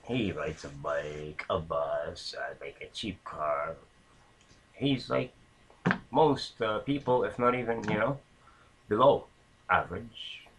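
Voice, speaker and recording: A man's voice: on the low side, a bit bright, slight background noise, low-quality recording. A man casually telling a long anecdote, rambling with many fillers and restarts. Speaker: storyteller.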